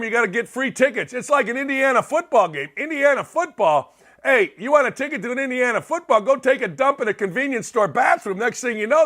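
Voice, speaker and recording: A middle-aged man hosting a sports talk show, delivering a sarcastic, opinionated monologue with wide swings for emphasis. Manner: sarcastic, animated, swings pitch widely for emphasis.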